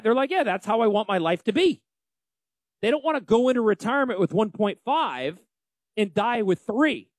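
A man in his forties with a Northern US accent, hosting a casual financial talk radio show in an animated, emphatic and folksy way. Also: very high voice, no room sound. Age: 40s. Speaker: financial advisor radio host.

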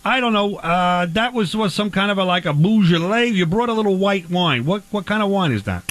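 A man's voice: high voice, animated, fairly quick, a bit bright. A man hosting a comedy barbecue bit, talking in a brash, rambling, teasing way. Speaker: host.

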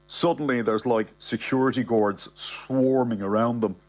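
A man's voice: medium pitch, fairly even intonation, measured pace. A middle-aged man with a Dublin Irish accent narrating a comic audiobook in a cocky, slangy style.

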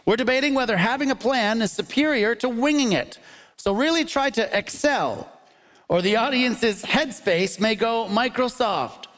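A man hosting a comedy debate show, upbeat and quick to laugh, with a mock-announcer delivery. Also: very high-pitched. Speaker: game show host. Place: stage before a live audience. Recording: lively crowd and loud noise behind.

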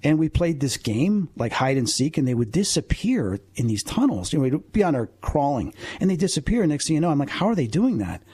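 A man's voice: fairly high pitch, very animated, fairly quick, hardly any pauses, mellow, husky. A man in his fifties, a paranormal investigator and medium, telling a story earnestly and with animation as a radio guest. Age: 50s.

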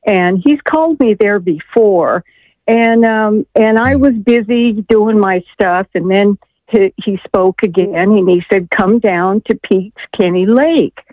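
A woman's voice: medium pitch, measured pace, dry recording. A woman calling in to a radio show, telling a long story hesitantly with many fillers over the telephone. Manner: rambling, hesitant, full of fillers. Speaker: radio caller. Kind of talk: call-in storytelling. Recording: tinny phone line, dry.

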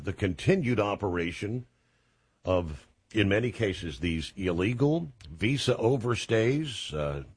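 A man hosts a talk radio show, his voice low and a little husky. His pitch moves in a wide, animated way as he gives folksy, opinionated commentary. The mic is close and dry, with no room sound. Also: no echo. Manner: folksy, opinionated, lively delivery with fillers.

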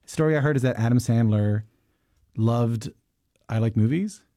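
A man hosting a radio interview in a relaxed, conversational way, stumbling now and then. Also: mid-range voice, moderate pace, no room sound, clean studio sound. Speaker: radio host.

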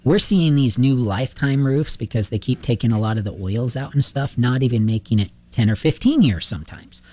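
A middle-aged man, a roofing contractor, telling animated stories in a casual interview, acting out the phone calls he quotes. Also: mid-range voice, brisk.

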